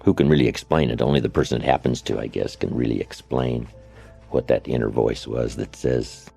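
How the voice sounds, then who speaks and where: Gravel-voiced man, very deep and husky, telling folksy stories from a stage. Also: fairly even intonation, fairly quick, warm tone, soft background music. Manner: folksy anecdotes with asides to the audience. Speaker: motivational speaker. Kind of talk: storytelling motivational speech.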